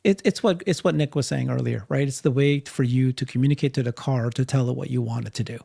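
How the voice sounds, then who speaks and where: A man co-hosting a podcast, talking in a casual, animated way, often laughing and restarting his sentences. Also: medium pitch, fast talker, creaky, slightly rough. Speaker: podcast co-host. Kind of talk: casual panel chat.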